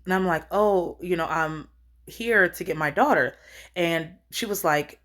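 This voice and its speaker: Low-voiced woman telling a personal story. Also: measured pace, a bit bright. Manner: rambling, earnest, acts out quoted lines. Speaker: storyteller vlogger. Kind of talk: casual storytime.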